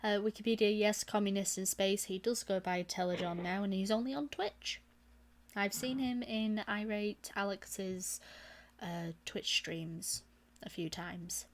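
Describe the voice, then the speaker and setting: A woman's voice: mid-range voice, measured pace. A woman hosting her live stream in casual chat, laughing often between her lines.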